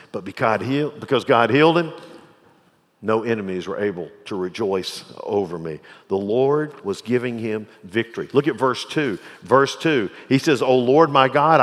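A male preacher delivering a sermon in a space with a long, lingering reverb. He moves from loud, pressing emphasis down to quiet, low-voiced passages, at a middle pitch for a man. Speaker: pastor.

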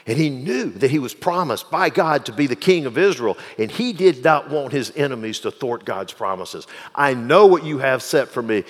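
Man preaching, middle pitch, quiet then fervent, long hall echo. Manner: builds from quiet reflection to loud fervent pleading. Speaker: pastor. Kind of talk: sermon.

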